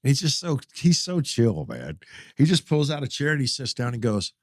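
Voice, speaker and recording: A man in his fifties, a pastor, tells a story in a folksy, animated way, doubling back on his words as he goes. His voice sits in a middling pitch. The sound is dry and close, with no room around it. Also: moderate pace, no room sound. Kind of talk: casual storytelling in an interview.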